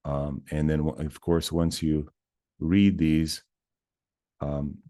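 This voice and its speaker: A man with a low voice gives a casual lesson outdoors. He talks in a chatty, self-mocking way and chants short syllables between explanations. The sound is dry and close. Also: level tone, extremely slow, warm tone, no room sound. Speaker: spiritual teacher. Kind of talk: casual teaching talk. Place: outdoors near a bridge.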